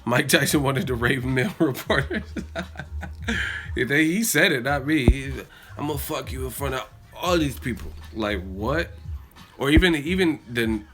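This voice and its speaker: A man hosting a boxing live stream, telling stories in a loose, profane, animated way and reading out donations. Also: mid-range voice. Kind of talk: casual livestream chat.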